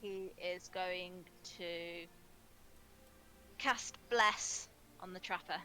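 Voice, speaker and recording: Bright-voiced eager woman player. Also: fairly low pitch, fairly even intonation, very slow, soft background music. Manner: eager, cheers at the dice rolls. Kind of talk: tabletop game chat, describing her character's moves.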